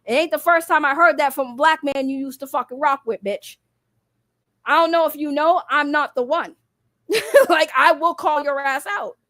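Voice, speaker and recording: Recorded dry with studio quality, a woman with a high, somewhat bright voice rants casually at her critics as a streamer. She's blunt, profane and mocking, laughing between each jab.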